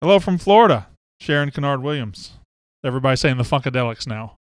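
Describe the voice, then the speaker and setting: A man's voice: medium pitch, lively intonation, fast talker, smooth, no room sound. A man, hosting a casual live sports talk show and greeting viewers by name and hometown. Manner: chatty, reads out viewer names and hometowns.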